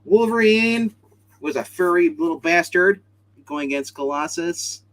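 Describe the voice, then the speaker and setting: A man's voice: high voice, animated, unhurried, fairly bright tone. A man casually showing off comics, rambling and joking as he goes. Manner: rambling and jokey. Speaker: co-host showing his comics. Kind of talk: casual chat.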